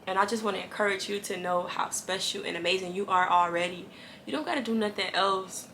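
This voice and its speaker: A woman's voice: mid-range voice, fairly quick, pushed and bright, a little hiss or hum. A woman giving an earnest, casual devotional talk to camera, encouraging viewers and repeating lines for emphasis. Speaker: Christian faith vlogger.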